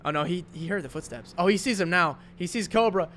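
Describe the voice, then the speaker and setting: A man's voice: on the high side, fairly quick, sharp tone, slight background noise. A man with a New York accent hosting and casting an online game tournament, chatting loosely with viewers between plays. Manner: chatty, rambling asides to viewers. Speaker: tournament host and spectator caster. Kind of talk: live-streamed game commentary.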